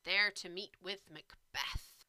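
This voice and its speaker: A woman's voice: fairly low pitch, slow pace, bright, forceful tone, no echo, heavily acted. A woman reading the lines of the third of three ominous witches in a play, in her own voice. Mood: solemn.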